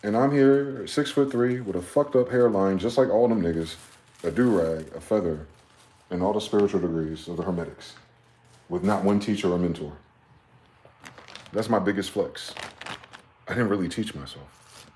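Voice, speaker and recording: A man talking in a rambling, profane late-night monologue, swinging from loud outbursts to low muttering. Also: normal speed, long pauses, roomy sound. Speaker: vlogger.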